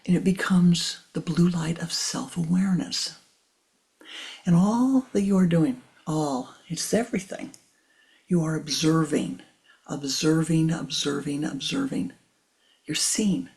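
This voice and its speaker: Older female spiritual teacher; low, gravelly, soft-spoken voice that drops to near whispers and repeats for emphasis. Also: a little slow.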